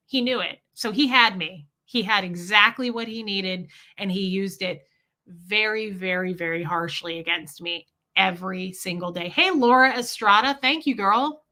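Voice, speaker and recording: A woman's voice: mid-range voice, bright, forceful tone. A woman in her forties hosting a casual livestream, telling personal stories candidly with a sassy edge. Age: 40s. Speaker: livestream host.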